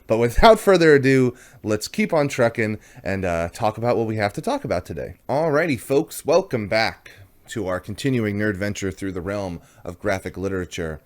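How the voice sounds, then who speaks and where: A man's voice: fairly low pitch, animated, moderate pace. A man hosting a casual comics review video, chatty and rambling, poking fun at himself as he goes. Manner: chatty, rambling, self-deprecating.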